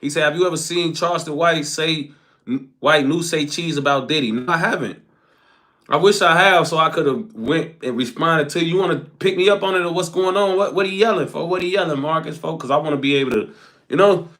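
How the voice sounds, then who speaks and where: A young man hosts a casual live stream and reads his viewers' comments aloud. His voice sits a bit high for a man. He often closes a phrase with a low, trailing "folks.". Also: fairly quick, a bit bright.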